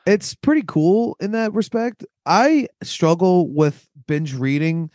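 Man, podcast co-host, excited and profane, slightly high voice, dry sound. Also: dry recording. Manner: excitable, swearing, quick bursts. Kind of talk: casual podcast chat.

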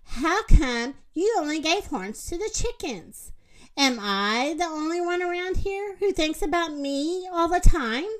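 Lady putting on a grumpy bossy rooster, whiny, high and jumpy, storybook read-aloud. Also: lively intonation, unhurried. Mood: grumbling. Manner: whiny, complaining. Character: grumpy self-centered male farm rooster.

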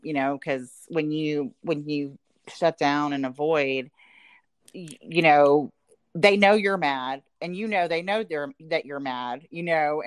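A woman with a low voice talks through family matters in a casual podcast chat. She's reflective and loose, with plenty of fillers. The sound is dry and close. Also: dry recording. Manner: reflective, speaks in southern "y'all", many "you know" fillers. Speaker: podcast co-host.

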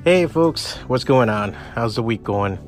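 A man's voice: mid-range voice, animated, unhurried, soft background music. A man hosting a solo podcast, talking casually in a rambling, profane way full of restarts. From part Cuban family. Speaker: podcast host.

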